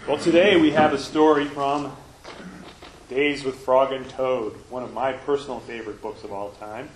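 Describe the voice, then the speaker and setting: A man leading a church service and reading a children's story aloud, in a gentle, lively manner. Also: mid-range voice, normal speed, a little hiss or hum. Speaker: worship leader. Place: church hall. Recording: roomy church echo.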